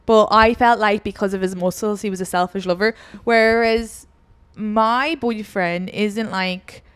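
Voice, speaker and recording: A woman's voice: mid-range voice, steady tone, unhurried, a bit bright, smooth. Frank Irish woman, chatty guest. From Ireland. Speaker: podcast guest. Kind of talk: casual chat.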